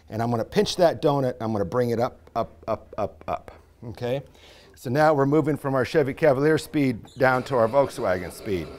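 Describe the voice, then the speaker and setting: A pottery professor with a medium-pitched voice gives a live, step-by-step demonstration at the wheel. He uses folksy comparisons, and his voice drops to a quiet mutter while he works the clay.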